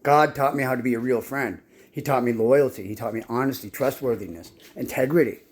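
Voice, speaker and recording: An adult man with a mid-range voice tells his life story fairly quickly in a casual, rambling monologue. He swears constantly and often stumbles, repeating words as he restarts sentences.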